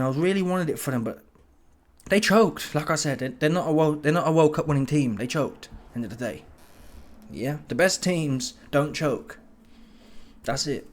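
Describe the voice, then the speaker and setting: Animated man ranting about football. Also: fairly high pitch. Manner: animated, mocking, slangy with laughing outbursts. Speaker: football reaction host. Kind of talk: casual ranting reaction.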